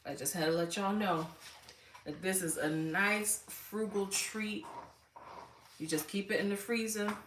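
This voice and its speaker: A woman's voice: mid-range voice, fairly even intonation, unhurried, fairly bright tone, far from the mic. An older woman hosting a casual livestream, chatting straight to her viewers from home on a phone camera. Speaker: livestream host. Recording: echoey room, voice off-mic, faint noise.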